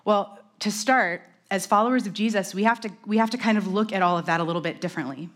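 A woman delivers a conversational sermon. She talks fast and animatedly and drops in quick self-deprecating asides. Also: mid-range voice. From New York. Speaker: preacher.

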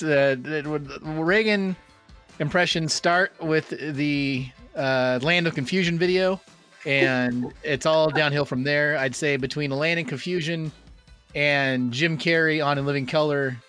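A man's voice: a little high, a little slow, a bit bright, clean tone, soft background music. A man co-hosting a podcast in easygoing casual chat, with hesitant fillers. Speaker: podcast co-host.

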